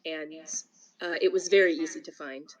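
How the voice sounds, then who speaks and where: A woman's voice: sits low, steady tone, normal speed, highs cut off. A woman voicing a very young half-elf man who is nervous, polite and a little out of place.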